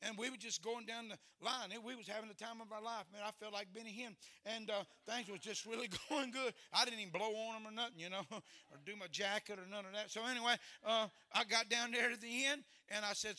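A man preaches as a visiting guest, folksy and full of jokes. His voice sits high and sounds very bright and sharp, and he punches some lines out loud. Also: steady tone, fairly quick, few pauses. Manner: folksy, joking, loud bursts. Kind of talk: humorous sermon.

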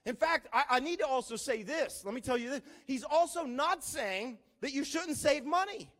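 A male pastor with a very high voice preaches a sermon at a normal speed, telling stories in an animated way. He imitates beeping sounds and moves between loud emphasis and hushed asides.

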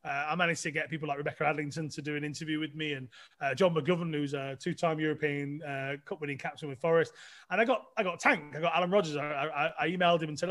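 A man's voice: a little high, fairly even intonation, quick pace, fairly bright tone. A middle-aged man with a chatty, self-deprecating manner, telling stories casually as a podcast guest, with many restarts. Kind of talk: casual storytelling.

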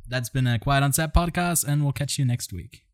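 A man's voice: mid-range voice, a little fast. A young man co-hosting a podcast in casual chat, teasing his co-host with dry jokes and laughing often.

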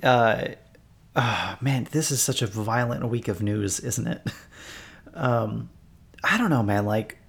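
Slow, wry male co-host in casual chat. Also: mid-range voice, gravelly, breathy edge. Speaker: podcast co-host.

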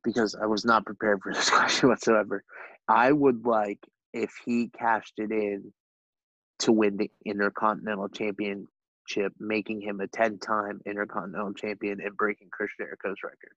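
A man's voice: fairly low pitch, flat delivery, moderate pace, fairly bright tone, no room sound. A young man co-hosting a podcast in casual chat, opinionated and laughing at himself. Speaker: podcast co-host. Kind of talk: casual chat about pro wrestling. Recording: dry, dull lo-fi recording.

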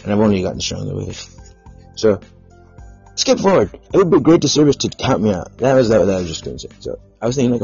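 Gravelly rambling podcast host. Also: male voice, lowish voice, sing-song, quick pace, darkish tone, highs cut off, soft background music. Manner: meandering, self-aggrandizing, profane. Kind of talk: rambling livestream monologue.

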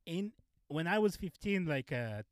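A man who is a podcast guest, telling personal stories in casual chat, halting and restarting often. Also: on the high side, very animated, no room sound. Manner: halting, many fillers and restarts, frank.

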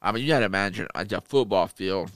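A man co-hosting a podcast, telling stories in casual chat, animated and profane. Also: low voice, fast talker, dry recording. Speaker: podcast co-host.

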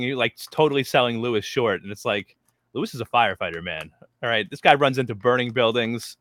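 A man's voice: medium pitch, fast talker, fairly bright tone, no echo. A man co-hosting a podcast, chatting casually with lots of fillers and restarts. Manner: rambling, heavy on fillers and restarts. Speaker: podcast co-host. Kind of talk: casual recap chat.

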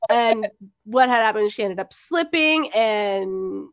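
A woman's voice: mid-range voice, expressive, slow, no echo, clean studio sound. A young woman in casual chat, telling a party story with lots of laughter and acted-out quotes.

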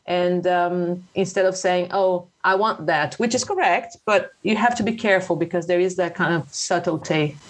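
A woman's voice: on the low side, moderate pace, hardly any pauses. A Brazilian woman in her forties, a native Portuguese speaker and English teacher, answering thoughtfully with frequent fillers. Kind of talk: casual conversational interview.

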